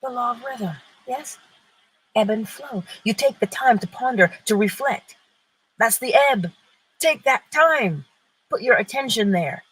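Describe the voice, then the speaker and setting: A woman's voice: a little high, expressive, unhurried, a bit bright, slightly rough, low-quality recording. A woman hosting an inspirational talk, speaking emphatically and posing rhetorical questions that she answers herself. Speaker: host.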